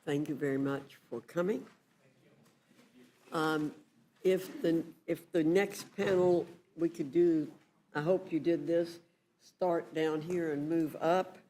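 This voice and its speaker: A man's voice: on the high side, fairly even intonation, mellow, a little hiss or hum. A man chairing a committee hearing, running proceedings in a procedural way. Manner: slow, procedural.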